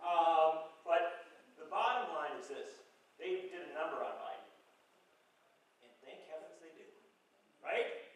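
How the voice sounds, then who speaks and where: Journalist in his sixties, high-voiced, rambling and funny, heard from far off in an echoing hall. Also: measured pace, pauses often. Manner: rambling, joking, acts out quoted people. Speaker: journalist and guest speaker. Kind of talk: humorous public talk to a local audience. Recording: echoey hall from far off, faint noise.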